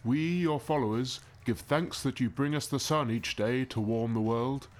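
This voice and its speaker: A man's voice: medium pitch, moderate pace, lightly acted. A man voicing a smug, cruel male sun-cult priest who preaches in a sanctimonious, mocking sermon cadence during a tabletop game. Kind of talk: acted tabletop game narration.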